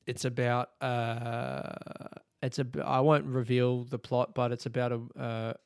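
A man's voice: mid-range voice, flat delivery, a little slow, clear, resonant tone, no room sound, clean studio sound. A young man hosting his own podcast, telling a story in a rambling, sweary way and laughing often. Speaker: podcast host and stand-up comedian. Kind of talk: casual solo podcast monologue.

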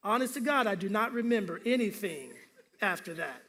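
A man's voice: high-pitched, animated, brisk, bright, forceful tone. A male pastor preaching a sermon, telling humorous stories and calling for responses from the congregation.

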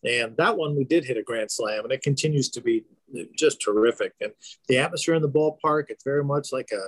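A baseball team's general manager answers interview questions in a relaxed, rambling manner, full of fillers and restarts. His voice is medium-pitched and fairly quick, captured in a dry recording.

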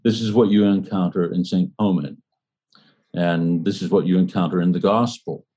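A man with a very low, slightly husky voice and a dark, mellow tone leads a small study group. He talks in a thoughtful, halting way with many fillers and restarts, then settles into reading passages aloud. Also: steady tone. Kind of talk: book discussion and reading aloud.

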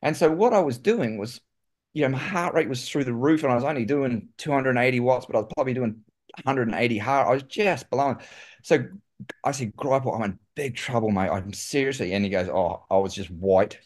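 Kiwi guy telling race stories, animated, keeps saying mate. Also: mid-range voice, a little fast. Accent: New Zealand. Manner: animated, says "mate" often. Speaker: guest, former pro cyclist. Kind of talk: casual storytelling.

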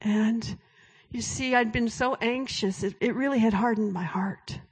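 A woman's voice: on the high side, unhurried, husky. Woman preaching a personal testimony. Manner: storytelling, drops to a hushed whisper when quoting God. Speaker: speaker at a Christian event. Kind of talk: sermon-style testimony.

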